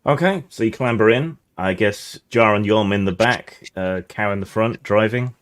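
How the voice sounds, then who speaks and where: A man narrating as game master of a tabletop game, relaxed and descriptive with many fillers. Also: fairly low pitch, normal speed.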